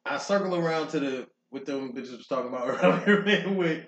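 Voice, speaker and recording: A man's voice: fairly high pitch, brisk, a bit bright. A young man in laid-back casual chat, laughing often and chiming in with short agreeing replies. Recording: roomy, slightly dull lo-fi sound.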